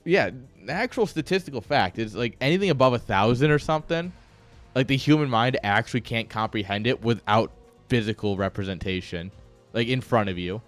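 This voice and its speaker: A man's voice: medium pitch, lively intonation, fairly quick, soft background music. A man casting a strategy game on a live stream, rambling off-topic, joking and swearing freely. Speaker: game caster. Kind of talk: casual live-stream commentary.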